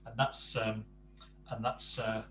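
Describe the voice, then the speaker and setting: A man teaching a Spanish lesson to adult learners, explaining slowly and patiently with frequent ums and uhs. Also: fairly low pitch, little pitch movement, pushed and bright. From England. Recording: distant mic with faint hum.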